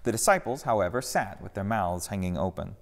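A man narrating a story in an expressive, storytelling way during a church service. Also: sits low, brisk, vocal fry, in a large hall. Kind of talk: scripted narration.

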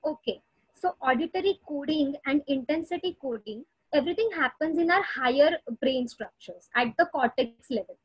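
A woman's voice: sits high, expressive, normal speed, no echo, rough recording. A woman explaining a topic in a webinar over a video call, with frequent "uh" hesitations. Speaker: audiologist speaker.

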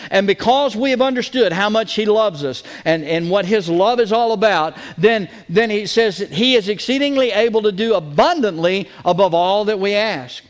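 A high-voiced pastor preaches a sermon emphatically, repeating key words for stress. He often restarts, stacking up "and, and" as he goes.

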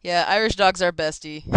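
A woman's voice: fairly low pitch, expressive, unhurried, fairly bright tone, clean tone. A woman streaming a game, chatting casually with friends and laughing often. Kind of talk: casual gaming chat.

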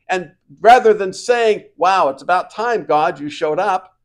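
Pastor, man, fairly high voice, preaches in surges from hushed to booming. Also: animated, measured pace. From United States. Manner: swings from quiet reflection to loud emphatic preaching. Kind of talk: sermon.

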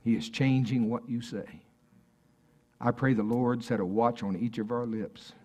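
A man's voice: medium pitch, fairly even intonation, a little slow, darkish tone, husky. A man preaching a sermon at a church service in a conversational way, often asking the congregation questions.

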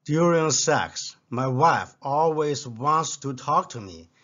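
A man whose first language is Chinese, reading short jokes aloud in a deadpan way. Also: medium pitch, takes it slowly, lo-fi sound. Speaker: joke teller. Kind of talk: scripted joke telling.

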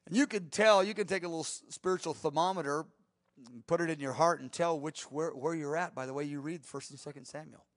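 Animated man preaching, fairly high voice. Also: dry recording, clean studio sound. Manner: animated storytelling, swings from soft to emphatic. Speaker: pastor and Bible teacher. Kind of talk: sermon.

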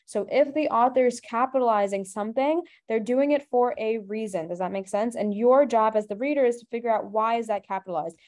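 A woman tutor teaching an online webinar, explaining briskly and asking rhetorical questions as she goes. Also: a little high, a little mellow.

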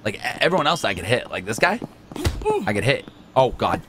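Excitable man doing game commentary. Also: on the low side, fairly quick, background noise. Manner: excitable, joking, swings from mumbling to shouting. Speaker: gaming channel host. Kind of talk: let's play commentary.

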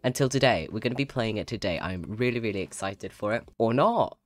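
Excitable low-voiced woman streamer. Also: fast talker, dry recording. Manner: excitable, squealing when thrilled, swears. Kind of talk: live gameplay commentary. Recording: game music behind.

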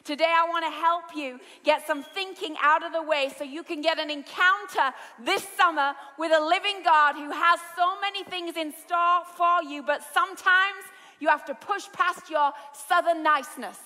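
Bright high-voiced British woman preaching. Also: normal speed. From Britain. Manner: lively storytelling preaching, rising to shouts. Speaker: pastor. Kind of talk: sermon. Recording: large hall with long reverb.

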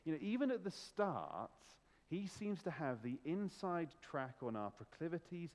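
Man, pastor, church sermon, emphatic, lively pitch, long hall echo. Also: normal speed. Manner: animated, emphatic, rhetorical questions.

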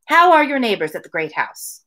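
A woman reading aloud and voicing a calm, reasonable young woman. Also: a little high, brisk, voice pushed up. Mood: patient.

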